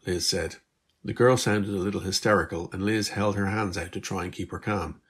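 A man reading his own story aloud in a steady, measured storybook narration. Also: low voice, breathy edge.

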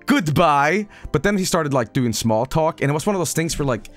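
A man's voice: fairly high pitch, lively intonation, fast talker, faint music behind. A man, a streamer casually telling a rambling, self-mocking story.

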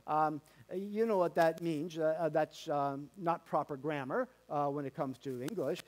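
Male pastor, folksy sermon delivery, high voice, hammers repeated words, lots of ums. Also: measured pace, darkish tone. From Canada. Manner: folksy, repetitive emphatic preaching with many fillers. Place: church sanctuary.

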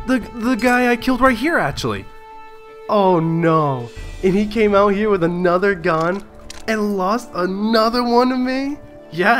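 A man with a high voice hosts a gaming video, excitedly commentating live on his own play while swearing, laughing, and talking to himself.

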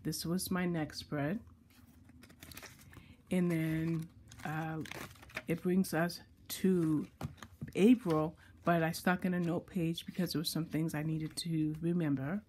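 A woman book blogger with a low, mellow voice and level tone chats casually in a show-and-tell vlog about her planners. She often stops to correct herself and reads lists slowly, and there's a little hiss or hum in the audio.

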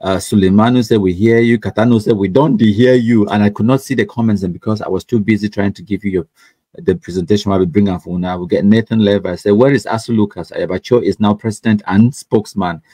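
A man's voice: on the low side, fairly even intonation, quick pace, warm tone, breathy edge, no echo. A man with a Cameroonian Pidgin English accent, hosting a livestream and reading out viewer comments in a chatty, mocking way, laughing often and repeating words. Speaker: livestream host.

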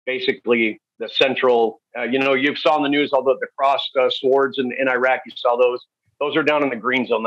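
A man shares stories as a podcast guest in a storytelling interview, speaking candidly and haltingly with many fillers at a mid pitch. The recording sounds dry and a little dull, with no room sound.

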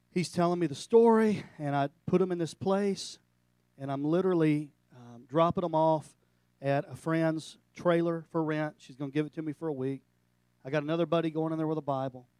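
A middle-aged male pastor giving a sermon, animated and storytelling, breaking into jokes. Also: a little high, no room sound.

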